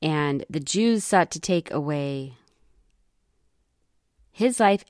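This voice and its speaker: Lively woman retelling scripture stories. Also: fairly low pitch, slow, long pauses, clean tone, no room sound, clean studio sound. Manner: lively, asks listeners questions. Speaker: scripture storyteller for children.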